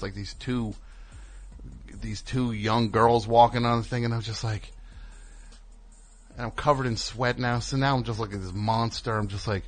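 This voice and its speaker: A man telling a long story on a call-in show, exasperated and acting out what other people said. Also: medium pitch. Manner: animated, exasperated, acts out other people's lines. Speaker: caller.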